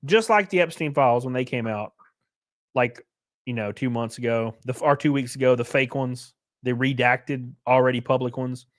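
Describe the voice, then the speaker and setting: Speaking at a moderate pace in a mid-range voice, a man runs a casual livestream, reading out viewers' comments and replying in a loose, jokey, rambling manner.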